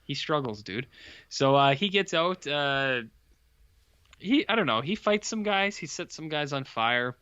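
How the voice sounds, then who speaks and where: Podcast cohost guy, bright tone, a bit dull sounding lo-fi mic, rambles on. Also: fairly high pitch, measured pace, clean tone, no echo. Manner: rambling, animated retelling with put-on quotes. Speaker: podcast co-host reviewing horror films. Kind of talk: casual chat.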